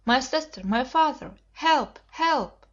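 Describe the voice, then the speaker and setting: A woman reading an audiobook, voicing an earnest, devoted young boy who turns excited and pleading. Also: fairly high pitch, unhurried. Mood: alarmed. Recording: dull lo-fi audiobook recording.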